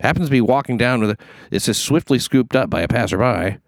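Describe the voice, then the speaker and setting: A man's voice: medium pitch, animated, quick pace, dry recording, clean studio sound. A man hosting a casual comedic news chat, riffing with sardonic, profane asides. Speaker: podcast host reading news.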